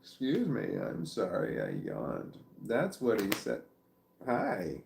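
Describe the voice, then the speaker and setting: A man with a low, gravelly voice rambles to his viewers in a loose, self-interrupting way. He is sitting at home, caught on a phone on a stand in an echoey room with a faint hiss of noise behind him. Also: huge pitch swings, slow. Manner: meandering, self-interrupting, talking to viewers about his dog. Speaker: vlogger. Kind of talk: rambling casual livestream chat. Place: at home, seated with dog on his legs. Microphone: phone or camera on a stand.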